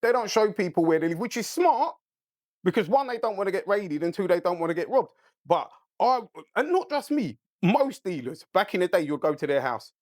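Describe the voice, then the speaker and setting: A man's voice: sits high, a little fast, dry recording, studio quality. A man telling a long story as a podcast guest, swearing freely and checking in with his listener. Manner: animated, profane, keeps asking "right?". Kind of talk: casual storytelling.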